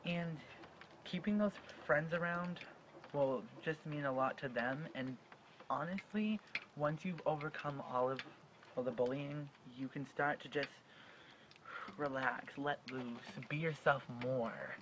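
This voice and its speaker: A man's voice: on the high side, a little slow, background noise. Earnest young man with a stutter. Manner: earnest, heartfelt, with stutters and restarts. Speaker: vlogger. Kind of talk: personal advice vlog.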